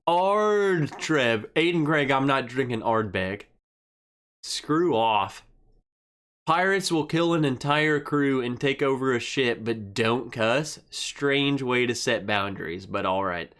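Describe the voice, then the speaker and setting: A man's voice: medium pitch, animated, takes it slowly, fairly bright tone. A young man hosting a casual live stream, rambling through an army story and reading viewer comments aloud. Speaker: livestream host.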